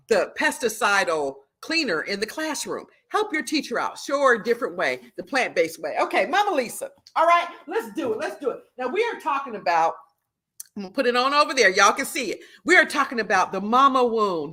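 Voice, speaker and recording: Animated high-voiced woman preaching to viewers. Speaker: livestream host and prophetess. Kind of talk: lively live-stream talk and teaching.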